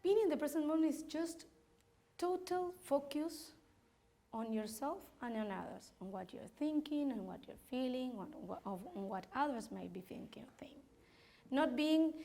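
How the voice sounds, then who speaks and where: A woman's voice: a little high, vocal fry, darkish tone. A woman from Argentina, speaking candidly to parents in a workshop, laughing often and restarting her sentences. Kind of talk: informal talk to parents.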